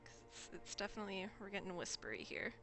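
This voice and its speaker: A woman's voice: medium pitch, big pitch swings, quick pace, bright, forceful tone, soft background music. A young woman streamer giving casual gameplay commentary in a wry, chatty way, swearing now and then.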